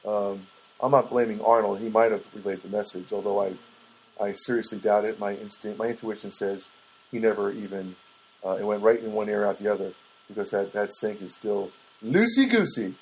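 A man's voice: fairly low pitch, brisk, a little mellow, breathy edge, rough recording. A man in a rambling, casual monologue, hesitant and full of restarts, with wry asides. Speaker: vlogger.

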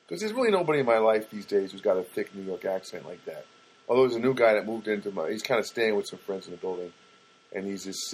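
A middle-aged man with a lowish, slightly breathy voice hosts a podcast, delivering a casual comic monologue. He rambles in a wry, self-mocking way.

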